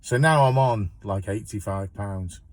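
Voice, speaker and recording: A man with a slightly low voice recounts a day on the road as a van courier. He rambles on in a casual, chatty way, tripping over his words and starting sentences again. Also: a little slow, a little mellow, no room sound. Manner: rambling, chatty, with repeated restarts. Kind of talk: casual storytelling monologue.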